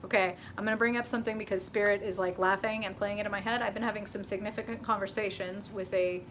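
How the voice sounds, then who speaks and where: A woman giving a live tarot reading, blunt and profane, talking casually and getting animated as she goes. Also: medium pitch, fast, a little hiss or hum. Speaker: tarot reader.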